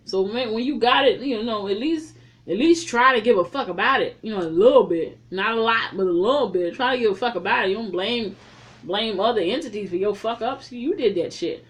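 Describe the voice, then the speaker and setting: A woman recapping a movie in a casual, blunt and profane way, telling it as a lively story. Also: a little high, a little fast. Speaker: movie reviewer.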